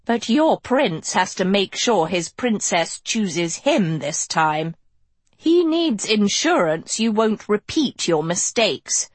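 A woman reading an audiobook, voicing a stern, menacing female teacher who speaks in a slow, cutting, snarling way. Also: medium pitch, big pitch swings, no room sound. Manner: slow, slashing, snarling delivery.

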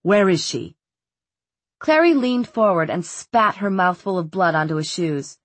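A woman's voice: fairly low pitch, very animated, normal speed, no echo. Woman reading a story, dry close sound. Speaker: audiobook narrator. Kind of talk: scripted narration.

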